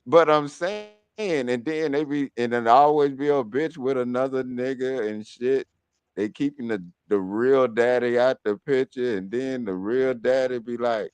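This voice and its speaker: His medium-pitched voice is smooth and darkish, a little slow, recorded with no room sound. Hosting talk radio, the man tells blunt, heated stories laced with profanity about people and his court case.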